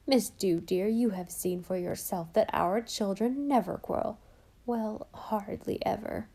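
A woman's voice: mid-range voice, a little slow, gravelly, dark tone. A woman voicing an earnest, fretful housekeeper in an audiobook, talking in a solemn, imploring, dramatic way. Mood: solemn complaint. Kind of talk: audiobook character voice.

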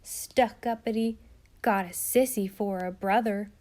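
A woman voicing a rough, taunting young boy bully who jeers loudly in a storybook reading. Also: medium pitch, steady tone, measured pace, natural voice. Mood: jeering. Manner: loud jeering.

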